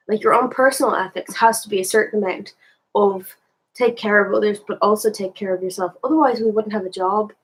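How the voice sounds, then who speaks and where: Breathy Irish woman musing aloud. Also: mid-range voice, low-quality recording. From Ireland. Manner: candid, rambling, thinks aloud with restarts. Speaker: spiritual vlogger. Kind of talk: casual reflective monologue.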